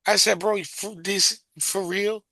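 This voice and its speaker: A middle-aged man with a Bronx New York accent, co-hosting a podcast and telling stories in a sarcastic, animated way. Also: high voice, unhurried, gravelly, no echo. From South Bronx, New York. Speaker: podcast co-host. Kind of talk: casual chat, storytelling.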